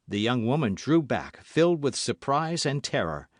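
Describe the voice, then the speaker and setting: Male audiobook narrator, mid pitch, animated intonation, dry studio sound. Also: normal speed, few pauses, dry recording.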